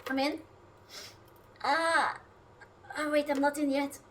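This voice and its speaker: A woman's voice: high-pitched, flat delivery, slow, far from the mic, slight background noise. A woman streaming herself cooking at home, chatting casually, rambling, swearing often and talking to her food and her viewers. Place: home kitchen.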